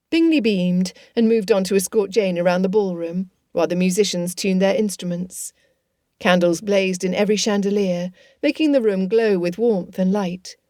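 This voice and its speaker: A woman's voice: medium pitch, warm tone, dry recording. Woman narrating an audiobook, dry.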